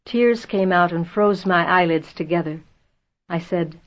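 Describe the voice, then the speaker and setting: Woman reading a book out loud, lowish voice, kinda muffled lo-fi sound. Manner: measured, tense storytelling. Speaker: audiobook narrator. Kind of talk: scripted first-person novel narration. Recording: dull lo-fi audio.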